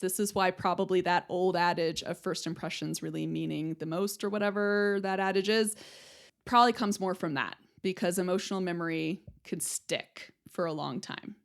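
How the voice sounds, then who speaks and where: A young adult woman hosting an educational podcast, chatting casually and checking in with listeners as she explains. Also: fairly low pitch. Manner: chatty, explains with analogies, checks in with "right?" and "okay?". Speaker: podcast host, speech-language pathologist.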